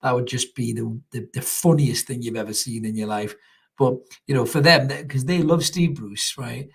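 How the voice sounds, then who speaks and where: A young man with a mid-range, creaky, husky voice hosts a live football reaction stream for a fan channel at a moderate pace. He chats casually, laughs often and reads out viewer comments.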